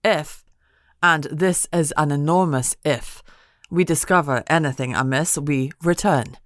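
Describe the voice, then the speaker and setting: A teasing young Scottish man, as a woman narrator puts him on, with a Scottish accent and a dry, bantering manner. The voice sits low and steady and is measured in pace. The audiobook sound is close and dry. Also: dry recording.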